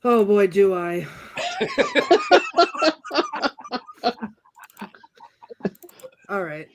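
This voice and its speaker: A woman's voice: fairly high pitch, wildly swooping pitch, drawn-out words, a little hiss or hum. A woman co-hosting a podcast, chatting casually and giggling as she shares favorite movie quotes. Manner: chatty and giggly, many fillers. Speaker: podcast co-host.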